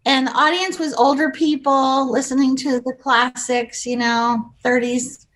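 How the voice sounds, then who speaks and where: A woman's voice: high voice, steady tone, a little slow, a bit bright. A woman in her sixties, a comedic actress, telling rambling showbiz stories and acting out the voices of people she quotes. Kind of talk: casual storytelling interview.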